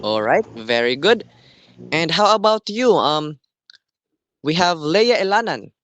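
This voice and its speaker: A man teaching a class, explaining slowly and deliberately and often checking in with "okay". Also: on the high side, very animated, a bit bright, no echo. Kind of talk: classroom lesson.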